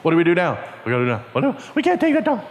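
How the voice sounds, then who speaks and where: A man voicing a panicky young male disciple, squeaky and frantic. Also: very fast, natural voice. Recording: long reverb, faint background noise.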